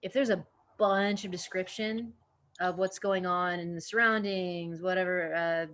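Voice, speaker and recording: A woman from Indiana with a fairly low voice, speaking as an interview guest. She talks casually and loosely, circling her point with lots of "um" and "like.". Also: a little slow. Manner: relaxed, rambling, many fillers. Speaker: actor, podcast guest.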